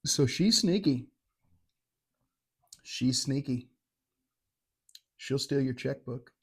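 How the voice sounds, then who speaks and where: A man's voice: medium pitch, expressive, slow, slightly rough. A middle-aged man giving a casual, rambling and irreverent whiskey tasting review, poking fun at himself. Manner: rambling, irreverent, self-mocking.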